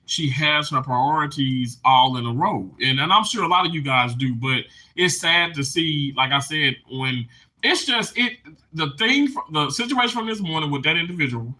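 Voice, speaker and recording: Emotional, bright-voiced male live streamer. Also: a little high, expressive, normal speed. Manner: emotional, laughing and tearing up while reading chat. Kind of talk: casual live-stream chat.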